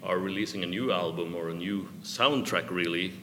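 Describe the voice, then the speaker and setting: Bright, measured male interview host. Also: low voice. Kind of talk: podcast interview. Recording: reverberant hall with faint noise.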